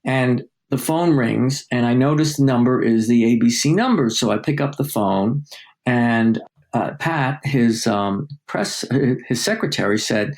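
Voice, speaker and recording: Older man, interview guest, mid-pitch, chatty raconteur who acts out quotes. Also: moderate pace. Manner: lively anecdote-telling, acting out quoted dialogue, many fillers. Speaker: journalist guest. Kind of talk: storytelling in a podcast interview.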